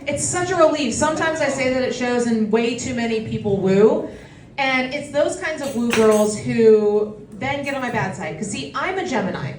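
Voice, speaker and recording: A woman's voice: fairly high pitch, animated, moderate pace. Self-deprecating woman stand-up comic. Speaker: stand-up comedian. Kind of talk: stand-up comedy set. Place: comedy show in a bistro. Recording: echoey room from a distance, loud crowd.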